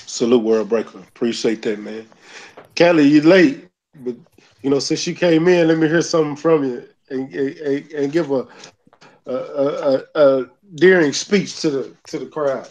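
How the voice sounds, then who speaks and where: A man's voice: on the high side, unhurried, darkish tone, low-quality recording. A man hosting a casual online boxing panel, calling on each guest for last words in a laid-back way. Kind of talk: casual live stream hosting.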